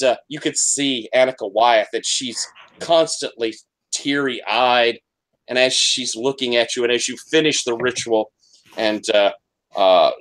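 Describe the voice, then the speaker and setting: A man acts as game master for a tabletop game, narrating haltingly with lots of fillers and false starts. His voice sits in the mid range with a fairly bright tone.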